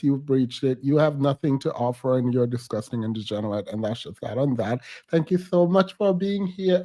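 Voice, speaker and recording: A man's voice: fairly high pitch, warm tone. A man giving blunt, emphatic reaction commentary on a podcast clip as a streamer.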